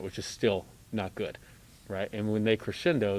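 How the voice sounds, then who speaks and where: A man's voice: lowish voice, level tone, normal speed, a little mellow. Middle-aged male clinician, direct rehearsal coaching with light joking. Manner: direct, joking, talks through examples. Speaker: conducting clinician.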